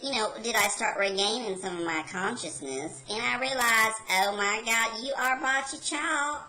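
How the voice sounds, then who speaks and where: A woman's voice: a little high, pushed and bright, poor audio. A woman playing a brash, rebellious carnival worker, telling a rambling folksy story as a comedy character monologue.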